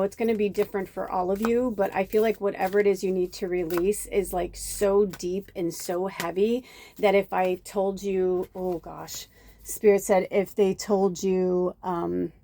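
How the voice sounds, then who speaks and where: A woman's voice: medium pitch, warm tone, slight background noise. A woman giving a casual spiritual card reading, chatty and rambling with many fillers and asides. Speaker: tarot reader. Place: home near busy traffic.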